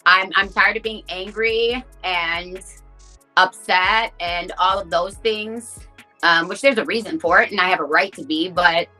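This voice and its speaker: A woman's voice: on the low side, a little slow, bright, forceful tone, soft background music. A woman rapper, telling stories candidly in a casual interview, swearing often and saying "like" a lot. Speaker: rapper guest.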